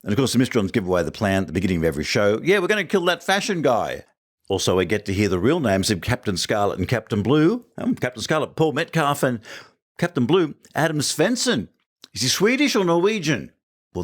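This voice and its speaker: A man's voice: lowish voice, big pitch swings, fairly quick. A man giving a jokey, wry episode review as a listener contributor. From Australia.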